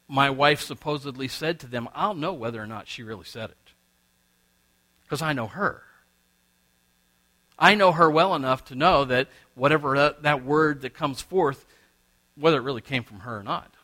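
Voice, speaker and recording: A middle-aged male pastor preaching a sermon, swinging between loud and quiet as he acts out little exchanges. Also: moderate pace, pauses often. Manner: preaching with wide swings in pitch and loudness, acting out quoted exchanges.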